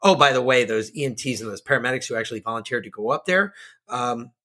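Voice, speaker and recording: A man's voice: medium pitch, quick pace, bright, forceful tone. A man co-hosting a casual political podcast, ranting with lots of profanity. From Georgia, USA. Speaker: podcast co-host.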